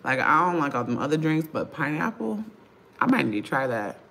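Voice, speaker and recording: Woman going live, gravelly bright voice, impatient chatty vibe, little hiss behind her. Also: deep voice, a little fast. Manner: impatient, bantering, loud bursts of excitement. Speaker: vlogger on a livestream. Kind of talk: casual livestream chat with viewers.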